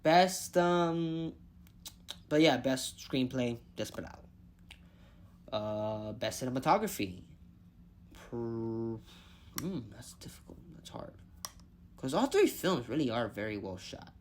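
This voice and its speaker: A man's voice: medium pitch, big pitch swings, takes it slowly, long pauses, a little hiss or hum. Rambling, profane movie-review guy. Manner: rambling, swears freely, thinks aloud. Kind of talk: casual movie review vlog.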